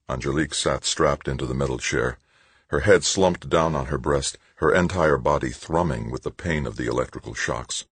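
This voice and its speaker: A man reading an audiobook in steady, measured scripted narration. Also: extremely low pitch, husky, dry recording.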